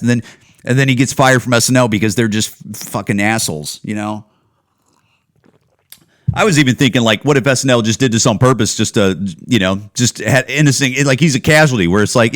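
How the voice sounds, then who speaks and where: A man's voice: mid-range voice, brisk, fairly bright tone, no room sound, studio quality. A man hosting a podcast from home, ranting solo in a loose, profane, run-on way. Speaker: podcast host. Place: at home, indoors.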